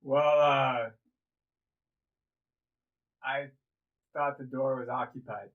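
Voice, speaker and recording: A man playing a tabletop game, offhand and deadpan as he describes his character's absurd actions. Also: medium pitch, very slow, highs cut off. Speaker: player. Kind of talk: casual tabletop role-play.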